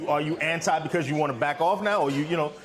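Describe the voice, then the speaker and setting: A man's voice: a little high, fast, music in the background. A man speaking as a panel guest in a roundtable discussion, hesitant and restarting often.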